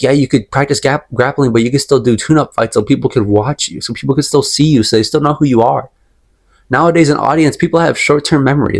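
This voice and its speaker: A young man rants casually to his viewers, circling back and repeating his points with emphasis. His voice sits at an ordinary middle pitch. He sounds like he is thinking out loud, unscripted and opinionated. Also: vocal fry, breathy edge. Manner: rambling, emphatic, repeats himself, sips tea while talking. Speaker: MMA commentary vlogger.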